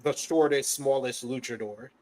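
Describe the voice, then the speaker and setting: A man's voice: mid-range voice, moderate pace, darkish tone. A man co-hosting a casual wrestling review show, recapping what happened and laughing often as he goes. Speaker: co-host.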